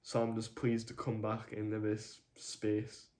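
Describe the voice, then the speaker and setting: Flat, low-voiced man in a subdued video diary. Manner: halting, subdued, searching for words. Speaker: vlogger. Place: his own room.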